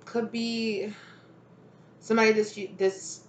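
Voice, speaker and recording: A woman's voice: a little high, little pitch movement, takes it slowly. A woman giving a casual spoken tarot reading, chatty and laughing, swearing freely as she talks to her viewers. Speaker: tarot reader. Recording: roomy echo, faint noise.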